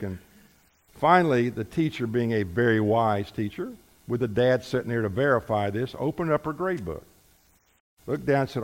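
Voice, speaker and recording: A man preaching a sermon, telling stories with emphatic, slow, deliberate stresses. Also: mid-range voice, lively intonation. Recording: reverberant hall.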